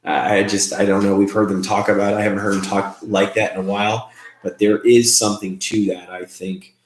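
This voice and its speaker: A man hosting a live online show, talking in a rambling, halting way with many restarts. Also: fairly low pitch, little pitch movement, roomy sound, slight background noise. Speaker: host. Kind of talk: live-stream chat about spirit box sessions.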